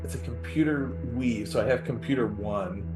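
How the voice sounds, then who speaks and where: A man's voice: medium pitch, normal speed, over music. A man playing a tabletop game who explains his moves in a rambling way, full of "like" and restarts. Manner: rambling, with lots of "like". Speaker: player. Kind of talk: casual tabletop play.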